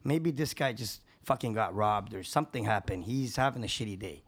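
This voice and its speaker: A man's voice: on the low side, a little fast, breathy edge. A man, a contractor and podcast guest, talking in casual chat with a profane, emphatic, preachy manner.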